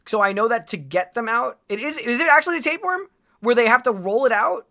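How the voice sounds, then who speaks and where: A woman streamer from Australia chatting in a casual reaction stream, excitable and rambling as she reacts. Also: a little high, quick pace.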